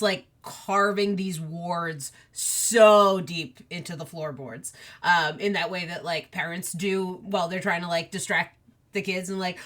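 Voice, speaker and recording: A woman's voice: medium pitch, unhurried, a bit bright. A woman game master narrating a tabletop game in a bubbly, hesitant way. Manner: bubbly, hesitant with many fillers.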